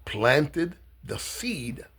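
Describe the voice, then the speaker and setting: A man giving an impassioned speech, emphatic, with dramatic pauses, acting out the words of others. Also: on the high side, sing-song, a bit bright, husky.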